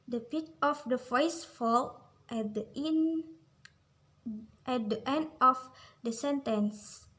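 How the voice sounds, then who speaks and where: A woman's voice: high-pitched, rough recording. A young woman with an Indonesian accent giving a student presentation, reading a prepared script carefully. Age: young adult. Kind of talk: class presentation on phonology.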